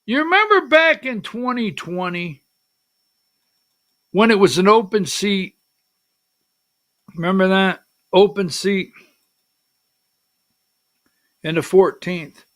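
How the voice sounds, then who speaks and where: A middle-aged man hosts a political livestream show with an unhurried delivery and a fairly high, bright voice. He rambles between stories, gets emotional, and calls out slide numbers to his producer. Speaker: political talk show host.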